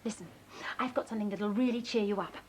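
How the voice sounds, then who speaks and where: A woman's voice: medium pitch, fairly even intonation, fast, a little hiss or hum, close to an everyday voice. A woman playing a sly, teasing prankster in a TV sitcom. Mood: coaxing. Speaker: prankster cat owner in a sitcom sketch. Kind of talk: TV sitcom acting.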